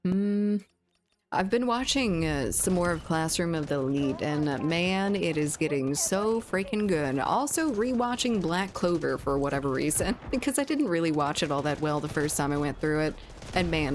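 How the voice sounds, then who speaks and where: A woman's voice: deep voice, lively intonation, normal speed, slight background noise. A woman streamer chatting casually with viewers while gaming, laughing often and swearing freely.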